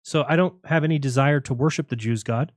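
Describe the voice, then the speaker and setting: Male livestream host with a rapid, argumentative monologue and a sarcastic edge. Slightly high voice, dry room. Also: no echo.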